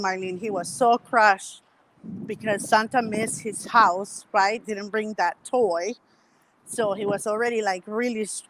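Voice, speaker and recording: A woman who is a guest on a podcast, telling a story in a casual, animated way. She acts out the dialogue of the people in her story. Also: medium pitch, slight background noise, low-quality recording.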